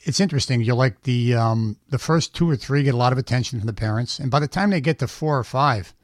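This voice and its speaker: Fast-talking impressionist man, animated. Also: mid-range voice, no room sound, clean studio sound. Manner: animated storytelling, quick and emphatic. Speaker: impressionist guest. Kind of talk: casual interview chat.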